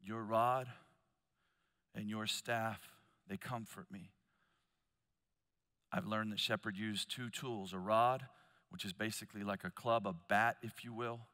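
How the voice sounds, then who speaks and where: A man preaching at a conference, telling stories with loud emphatic bursts and quiet low asides. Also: fairly even intonation, measured pace, pauses often. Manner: storytelling, swings between loud emphasis and hushed low asides. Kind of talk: conference sermon. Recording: long hall reverb.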